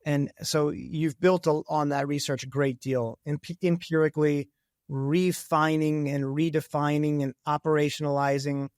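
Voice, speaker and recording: A man's voice: fairly high pitch, little pitch movement, moderate pace, a little mellow, dry recording, studio quality. A man co-hosting a podcast, talking in an enthusiastic, rambling way with many restarts as he builds up long questions. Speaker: podcast co-host, science officer. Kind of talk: conversational interview.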